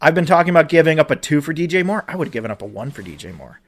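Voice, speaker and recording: A young man on a casual podcast, ranting in a fairly high voice. He swears freely and lurches from loud, exasperated outbursts to low, muttered grumbling. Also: very animated, rapid-fire. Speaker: podcast co-host.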